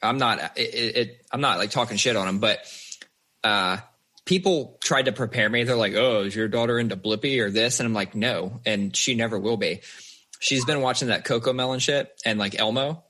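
Husky, bright-voiced swearing dad. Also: male voice, mid-range voice, normal speed. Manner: swears freely, animated storyteller. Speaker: podcast co-host and father. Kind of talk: casual chat.

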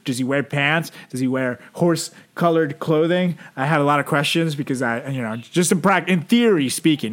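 A man co-hosting a comedy podcast, joking in a mock-pompous way and swearing freely. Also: mid-range voice. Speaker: podcast co-host. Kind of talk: comedic casual chat.

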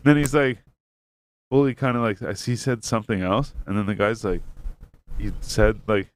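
A man's voice: lowish voice, steady tone, normal speed. A man telling a story in casual chat, rambling and swearing, acting out what people said. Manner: rambling, profane, acts out quotes.

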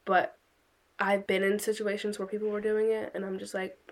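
Young woman talking w her mom, calm and supportive, mid voice. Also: mid-range voice, normal speed, slight background noise. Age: young adult. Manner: supportive, reassuring. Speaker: daughter of the host.

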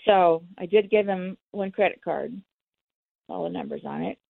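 A woman's voice: lowish voice, moderate pace, gravelly, no room sound. A woman telling her own story in an interview, candid and acting out the dialogue. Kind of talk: personal storytelling. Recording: tinny phone line, dry.

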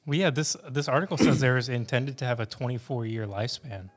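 A man's voice: medium pitch, quick pace, soft background music. A man co-hosting a casual group podcast, reading from articles and swearing and laughing between lines. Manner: reads news articles aloud, swears and laughs often. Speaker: podcast co-host.

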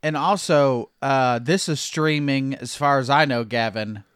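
A man's voice: medium pitch, measured pace, a bit bright, clean tone, dry recording. A male podcast co-host with a mid-range voice who rambles in an easy-going way through casual chat. The recording is dry and close.

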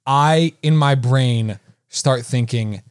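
A man's voice: mid-range voice, smooth. A man co-hosting a podcast, chatting casually and eagerly about a film he loved. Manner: enthusiastic, reads quickly. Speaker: podcast co-host. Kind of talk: casual film review chat.

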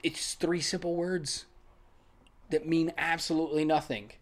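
An excitable podcast co-host talks about a film in a loose, rambling way and breaks into laughter often. The voice sits at an ordinary middle pitch. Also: a little slow. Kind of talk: casual film-review chat.

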